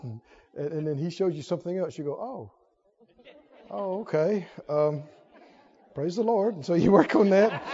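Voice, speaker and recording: A man's voice: high-pitched, mellow, in a large hall. A man preaching a sermon, emphatic and laughing often as he asks the congregation questions. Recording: dull lo-fi recording.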